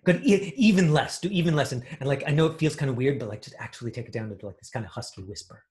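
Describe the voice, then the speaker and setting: A man's voice: mid-range voice, expressive, fast, darkish tone. A man coaching an acting class, talking in a rambling way with many fillers and restarts.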